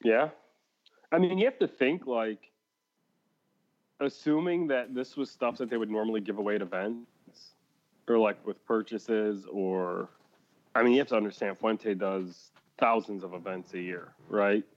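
A man's voice: fairly low pitch, unhurried, lo-fi sound. A man co-hosting a casual podcast, rambling with restarts and laughing often. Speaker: podcast co-host. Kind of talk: casual chat.

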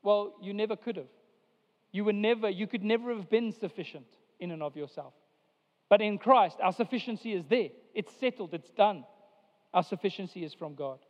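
A man with a fairly high voice preaches a sermon, pushing key phrases with sudden emphasis and stretching others out slowly. The sound is a little dull and lo-fi. Long reverb from the church sanctuary trails behind his words. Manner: preaching with emphatic rises and drawn-out pauses. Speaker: pastor.

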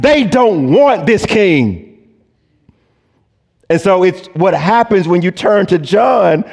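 A male pastor preaching a sermon, slow and deliberate, rising to emphatic peaks. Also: high voice, darkish tone. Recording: long church reverb.

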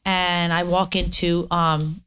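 A woman's voice: on the low side, slow pace, smooth. Middle-aged lady podcast cohost, gushy storyteller, lots of restarts. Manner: gushing, animated storyteller with restarts. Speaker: podcast co-host. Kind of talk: casual chat.

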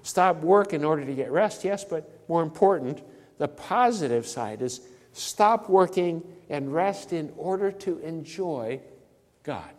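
A pastor preaching a sermon, emphatic and repeating key phrases for stress. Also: male voice, a little high, expressive, unhurried, darkish tone, long reverb tail. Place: church sanctuary.

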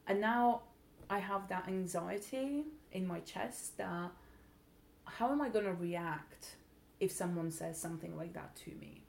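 A woman from Bulgaria with a blended British English accent, giving a personal account in an interview, hesitant and earnest with many pauses and restarts. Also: fairly low pitch, vocal fry, darkish tone, a little hiss or hum. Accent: blended British English, not quite English.

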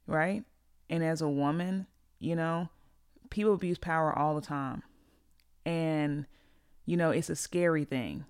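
A woman's voice: low voice, clean tone, no echo, clean studio sound. A woman hosting a podcast, giving a blunt, profane and heated opinion monologue in a casual way. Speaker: podcast host.

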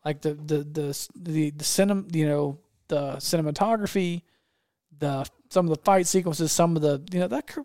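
A man's voice: a little high, normal speed, a little mellow, dry recording, clean studio sound. A man hosting a casual chat, talking with enthusiasm and often restarting his sentences. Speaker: podcast host.

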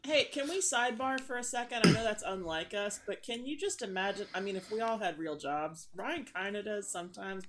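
Low-voiced sardonic woman on a podcast. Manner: sardonic, riffing. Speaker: podcast co-host. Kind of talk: casual comedic chat.

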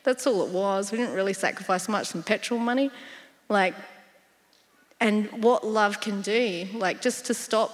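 A woman sharing a personal testimony in a church interview, telling her story in a lively way and laughing often. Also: medium pitch, measured pace. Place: church hall. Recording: long hall reverb in church.

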